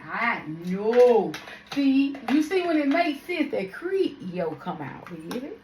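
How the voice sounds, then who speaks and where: Slow-talking woman, chatty vlog. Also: a little high, very animated, echoey room, background noise. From Louisiana. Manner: chatty, laughing, slangy and drawn out. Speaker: makeup artist vlogger. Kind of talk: casual vlog chat.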